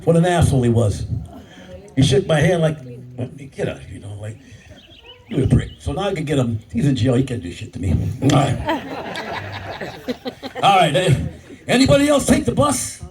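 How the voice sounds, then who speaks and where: An older man works a club crowd in a stand-up set, crude and brash. His voice runs high and swings up and down a lot. He sounds far from the mic, and a loud audience laughs behind him. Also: sing-song, normal speed, pauses often. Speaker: stand-up comedian. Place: live comedy club.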